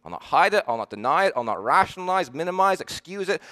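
Preacher, male, fairly high voice, earnest and emphatic sermon delivery. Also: big pitch swings, bright, forceful tone. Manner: earnest, emphatic, with slow stressed quotes.

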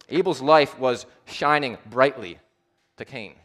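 An expressive man preaches, his voice surging to loud, emphatic peaks before sinking into low, hushed endings. He also slows down to drive points home through deliberate repetition.

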